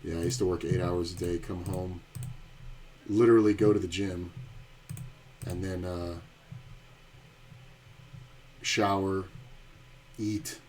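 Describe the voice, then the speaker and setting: A man's voice: low voice, fairly even intonation, takes it slowly, long pauses, noisy background. A man streaming poker and telling a rambling, blunt, profane story in casual chat.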